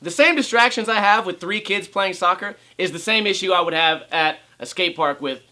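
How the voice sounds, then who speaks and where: A man's voice: high voice, normal speed, bright, forceful tone. A young man vlogging about skateboarding at home, ranting sarcastically and swearing, and he often mocks other people's voices. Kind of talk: casual ranting vlog.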